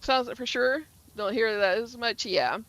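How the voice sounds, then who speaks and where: A woman's voice: a little high, normal speed, a bit bright, no echo. A woman from the Atlanta area with a Southern accent, chatting casually on a game stream, rambling with lots of fillers and restarts. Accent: Southern US (Georgia). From Atlanta area, Georgia, US.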